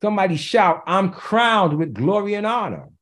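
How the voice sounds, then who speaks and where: Fairly high-voiced man preaching. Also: very animated, moderate pace, a bit bright. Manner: conversational preaching with joking asides; emphatic, repeats key phrases. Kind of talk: sermon.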